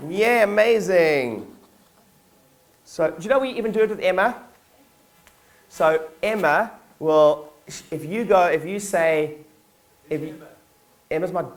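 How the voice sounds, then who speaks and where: A man giving a live keynote talk to his staff at a company conference, energetic and blunt, swearing casually and acting out little scenes. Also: high-pitched. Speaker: business owner addressing his staff.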